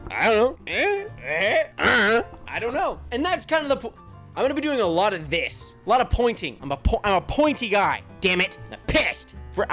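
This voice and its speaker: A man's voice: sits high, fairly bright tone. A young American man talking to camera in a nervous, rambling, self-deprecating way. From United States. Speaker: YouTuber. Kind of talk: casual monologue to camera.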